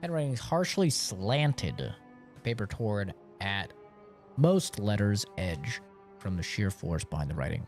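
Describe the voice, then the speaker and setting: A man's voice: on the low side, sing-song, unhurried, darkish tone, soft background music. A man streaming live gameplay, joking around and swearing playfully.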